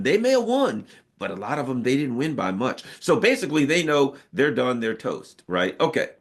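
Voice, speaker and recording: Animated American man talking politics. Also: fairly high pitch. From United States. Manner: animated, emphatic, with frequent rhetorical asides. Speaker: political commentator. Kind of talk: casual political talk.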